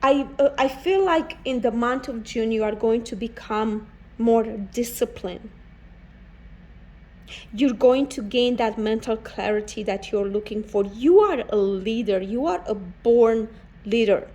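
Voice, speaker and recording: A woman's voice: on the high side, a little slow, dark tone, rough recording. A woman doing a pick-a-card tarot reading, speaking in an earnest, encouraging way and often repeating herself. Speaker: tarot reader.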